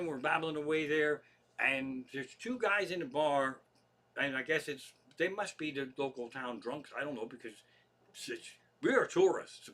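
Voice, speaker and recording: A man's voice: medium pitch, bright, forceful tone. A middle-aged man with a Pennsylvania accent, a comedian telling loose, profane stories on a livestream from his living room. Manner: profane, chatty, loose asides. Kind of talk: rambling comic storytelling.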